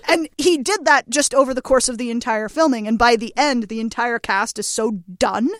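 A woman's voice: a little high, normal speed, no echo, clean studio sound. A woman in casual podcast chat, rambling through her theory about a film. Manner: rambling, theorizing, acts out quotes. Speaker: podcast co-host.

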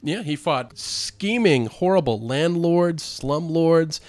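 Animated, higher-voiced male storyteller. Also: slow pace. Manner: animated storyteller, acts out scenes. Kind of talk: casual discussion.

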